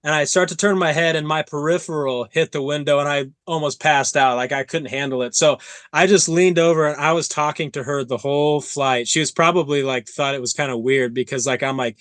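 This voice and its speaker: A man hosting an interview podcast, telling stories in an animated way and acting out his own quotes. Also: on the high side, brisk, dry recording. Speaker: podcast host. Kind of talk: casual interview chat.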